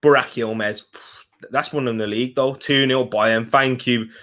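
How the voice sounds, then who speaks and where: A young man with a mild Birmingham accent talks through a football match as it happens, reacting to his viewers. His voice sits at a middling pitch, and he is chatty and excitable, quick to burst out at a chance or a goal. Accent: Birmingham English. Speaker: football watch-along streamer. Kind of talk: live casual commentary.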